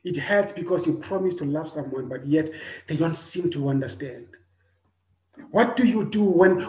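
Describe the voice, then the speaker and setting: A man, preaching a personal sermon, earnest, repeating his phrases, swinging between loud and soft. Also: on the high side. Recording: echoey room.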